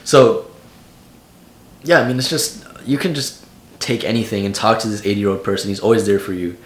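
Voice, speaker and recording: A man's voice: on the low side, normal speed, echoey room, a little hiss or hum. A young man in his late teens giving casual vlog advice in a loose, slangy way full of "like". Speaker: vlogger.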